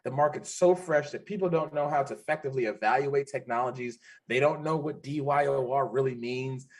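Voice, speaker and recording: A man's voice: medium pitch, a little fast. A man of about forty, a podcast guest, telling stories in a casual, emphatic way and often repeating his phrases. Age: 40s. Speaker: podcast guest, security founder. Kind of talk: casual conversational storytelling.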